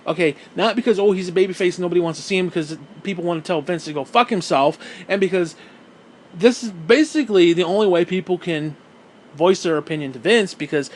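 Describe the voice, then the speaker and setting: A man's voice: high voice, fast talker, slight background noise. A man ranting as a wrestling fan, heated, sarcastic and full of swearing. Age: adult who watched wrestling since the 1980s. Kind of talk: profane rant.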